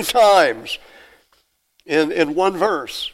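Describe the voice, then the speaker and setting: An older man preaching a sermon with emphatic repetition and sudden loud swells of emphasis. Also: fairly high pitch, unhurried, poor audio. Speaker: pastor.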